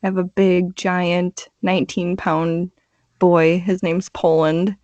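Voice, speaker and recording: A woman's voice: on the low side, little pitch movement, takes it slowly, a little mellow, no room sound, lo-fi sound. A young adult woman guest on a podcast, chatting in an easygoing way and laughing often. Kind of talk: casual chat.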